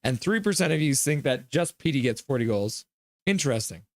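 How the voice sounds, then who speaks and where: A man's voice: medium pitch, lively intonation, brisk, no room sound, studio quality. A man hosting a casual live hockey stream, chatting and reading viewer comments aloud in a jokey, friendly way. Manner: chatty, jokey, reads chat aloud and thanks donors.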